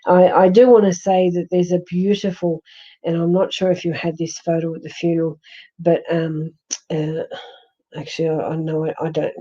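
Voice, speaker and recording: Husky-voiced woman giving a gentle psychic reading. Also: on the low side, little pitch movement, normal speed, lo-fi sound. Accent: Australian. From Australia. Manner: gentle, consoling and rambling, with many restarts. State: hoarse, losing her voice. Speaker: psychic medium. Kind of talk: live-stream psychic reading.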